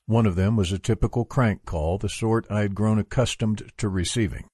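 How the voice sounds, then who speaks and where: Low-voiced man reading aloud. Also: moderate pace, warm tone, slightly rough, no room sound, studio quality. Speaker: reader for a book club.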